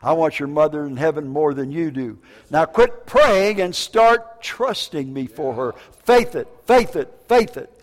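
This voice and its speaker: An older man preaching who voices God as a still small voice, calm and firmly reassuring. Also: on the high side, a little slow, hardly any pauses, close to an everyday voice. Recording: reverberant church hall.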